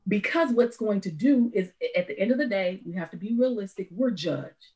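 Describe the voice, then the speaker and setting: A woman talking as an educator in a casual panel discussion. Her voice swings widely in pitch as she makes her points, earnest and emphatic. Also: expressive, brisk, a crowd in the background, low-quality recording.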